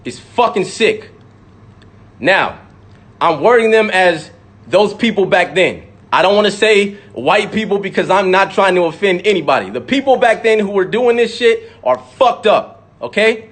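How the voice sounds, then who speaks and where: A man's voice: high-pitched, expressive, moderate pace, a bit bright. A man, a rapper, delivering an impassioned, profane monologue to camera and repeating words for emphasis.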